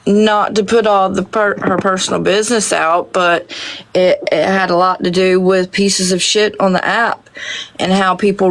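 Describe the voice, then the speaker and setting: A woman on a livestream slowly telling a story, with many hesitant pauses. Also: fairly low pitch, gravelly, a little hiss or hum. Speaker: livestream guest. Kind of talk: casual livestream chat.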